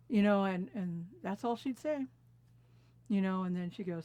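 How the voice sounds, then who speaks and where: Mellow-voiced woman in her fifties reminiscing. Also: medium pitch, no room sound. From California. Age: 50s. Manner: reflective, unhurried, laughs softly between memories. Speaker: interviewee. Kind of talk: personal storytelling conversation. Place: quiet recording booth.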